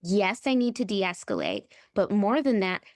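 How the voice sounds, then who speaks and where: A woman's voice: medium pitch, huge pitch swings, a little slow, no room sound, clean studio sound. A woman coach on a podcast, speaking emphatically and often checking in with "right?". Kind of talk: podcast conversation.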